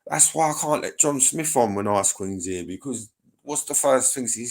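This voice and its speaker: A man's voice: mid-range voice, expressive, moderate pace. A man, chatting loosely on his own livestream, rambling, swearing and answering his chat.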